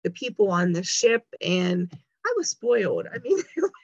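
A woman's voice: mid-range voice, big pitch swings, moderate pace, a little mellow, slightly rough, no room sound. A woman chats as a guest and tells a long story, slipping into the voices of the people she quotes. The sound is dry and somewhat dull. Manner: chatty storyteller, acts out quoted lines. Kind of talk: casual chat.

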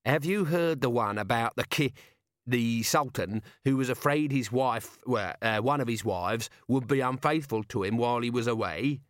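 A man's voice: medium pitch, normal speed, no room sound, clean studio sound, natural voice. A man voicing a cheeky soldier disguised as a woman, telling stories in a brash, chatty way. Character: Corporal Nobbs disguised as woman Betty, cheeky.

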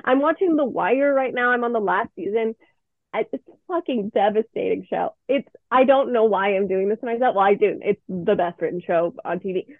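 A woman's voice: mid-range voice, fairly quick, no echo. A woman guest in casual interview chat, talking candidly and expressively, swearing freely, from Canada. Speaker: podcast guest, playwright and actor. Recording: tinny phone-like line, dry.

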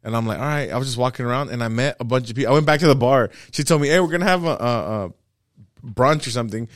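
A man, a stand-up comedian, chatting casually as a podcast guest and telling animated stories. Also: mid-range voice, quick pace, no room sound, studio quality. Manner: animated storyteller, acts out other voices.

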